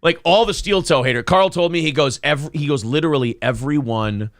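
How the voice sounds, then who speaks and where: A man co-hosting a casual podcast, ranting sarcastically and mocking his critics in shouted put-on voices. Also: a little high, lively intonation, a little fast, creaky, no echo, clean studio sound. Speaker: podcast co-host. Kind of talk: casual profane banter.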